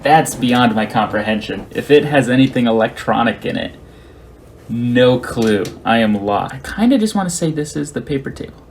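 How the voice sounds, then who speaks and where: A man's voice: medium pitch, expressive, normal speed, gravelly, noisy background. A man streaming live, chatting casually with viewers and thinking aloud while he works on a repair.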